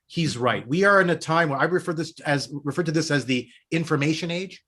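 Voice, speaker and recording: Fairly high-pitched and sharp, the co-host talks a little fast as he makes his case during a casual sports conversation. He's a man of thirty to forty-something, earnest and persuasive, arguing at length.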